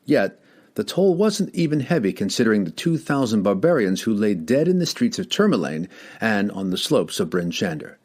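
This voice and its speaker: A man narrating a fantasy audiobook in a dramatic, expressive storytelling manner. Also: on the low side, normal speed, slightly rough.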